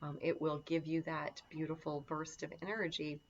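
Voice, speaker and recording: A woman's voice: deep voice, level tone, normal speed, a little hiss or hum. A woman teaching a casual lesson on herbal remedies, chatty and enthusiastic, with lots of fillers. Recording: dull lo-fi sound.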